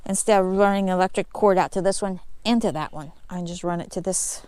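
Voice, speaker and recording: A woman's voice: lowish voice, fast talker, a little mellow, clean tone, no echo. Easygoing woman chatting around her farmyard. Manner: easygoing, explains as she goes with plain homespun talk. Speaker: homesteading vlogger. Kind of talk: casual walk-and-talk narration. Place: outdoors in a farmyard.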